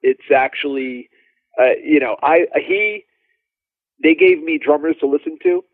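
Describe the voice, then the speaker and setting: Man, guest drummer, lively storyteller, phone-line audio, no room sound. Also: a little high, a little slow, no echo. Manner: animated, laughing storyteller, many fillers. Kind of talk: casual storytelling interview.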